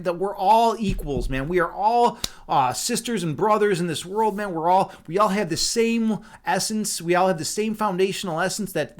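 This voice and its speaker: A man from Chicago hosting a casual livestream chat, rambling and laid-back, repeating words and saying "dude" and "man" a lot. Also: high voice. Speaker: livestream host.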